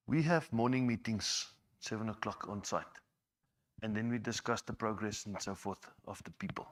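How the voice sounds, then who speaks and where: A man's voice: on the low side, moderate pace. A man giving a personal testimony to a church, conversational and repeating words as he goes. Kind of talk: personal testimony told to a congregation.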